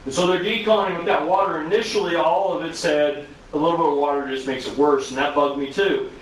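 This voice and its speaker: A man's voice: a little high, steady tone, brisk. A man teaching a first responder safety course, telling an incident story with rhetorical questions to the class. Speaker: safety trainer. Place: arena recreation centre. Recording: distant, very echoey hall.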